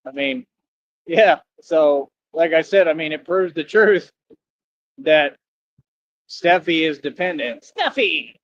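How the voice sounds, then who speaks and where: A man's voice: fairly high pitch, fairly bright tone, lo-fi sound, slight background noise. A man hosting a livestream, talking casually to his chat and mocking commenters in a combative way. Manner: combative, mocking, talks back to viewer comments. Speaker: livestream host.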